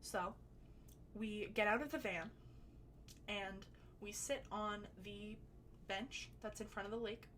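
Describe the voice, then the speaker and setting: A woman telling a personal story to camera in a chatty, animated way, with sudden loud bursts and some swearing. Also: mid-range voice, takes it slowly, long pauses, a little hiss or hum. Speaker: storytelling vlogger. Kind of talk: casual storytime.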